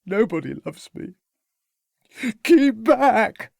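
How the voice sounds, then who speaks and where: A man's voice: a little high, animated, normal speed, slightly rough, no echo, studio quality, voice pushed up. Man voicing a frantic, distraught young man. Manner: shouting, frantic.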